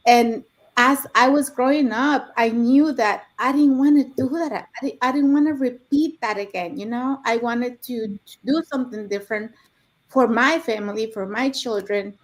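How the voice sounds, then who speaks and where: A woman's voice: a little high, moderate pace. A woman in her forties earnestly sharing a personal story as a guest on a live talk. She often repeats words as she gathers her thoughts. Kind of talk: personal testimony.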